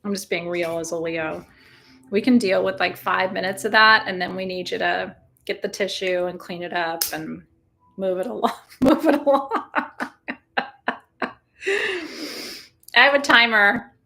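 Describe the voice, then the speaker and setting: A woman's voice: on the low side, normal speed, creaky, pushed and bright, a little hiss or hum. A woman hosting a live-streamed full moon ritual indoors, talking to her viewers in a chatty way, joking and laughing often. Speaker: spiritual teacher leading a live ritual. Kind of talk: casual live-stream talk. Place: indoors, burning sage.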